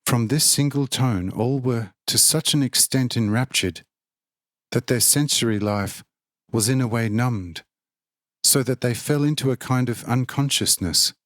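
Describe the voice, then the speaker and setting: Man reading an audiobook, steady and formal, mid voice, dry close sound. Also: medium pitch, a little slow, dry recording. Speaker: narrator. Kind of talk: scripted audiobook narration.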